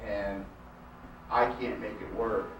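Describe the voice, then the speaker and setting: 50s guy pleading his budget case, low voice, far off in a boomy room. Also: level tone, slow, noisy background. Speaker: village access coordinator. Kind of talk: public budget meeting. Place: council meeting room. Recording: roomy echo, distant mic.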